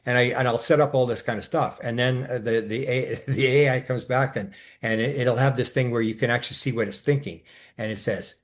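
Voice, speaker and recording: A man co-hosting a casual discussion, talking in long rambling stretches full of restarts and filler sounds, and growing animated as he recounts his exchanges. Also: medium pitch, fairly quick. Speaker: co-host.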